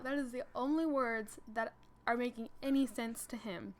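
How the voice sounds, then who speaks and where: A young adult woman telling an animated story over gameplay, full of "like" fillers. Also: a little high, moderate pace. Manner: animated, breathless retelling with many "like" fillers. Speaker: gaming channel host.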